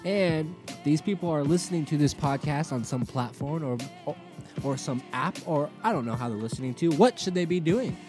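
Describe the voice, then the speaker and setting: A man's voice: on the high side, animated, normal speed, music in the background. A man co-hosting a casual sports podcast, joking and bantering playfully. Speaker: podcast co-host.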